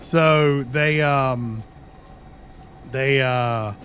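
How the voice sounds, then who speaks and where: A man's voice: medium pitch, very slow, lo-fi sound, a little hiss or hum. A man chatting casually on his livestream, telling a long rambling story and talking to his dog in between. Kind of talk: casual chat with stream viewers.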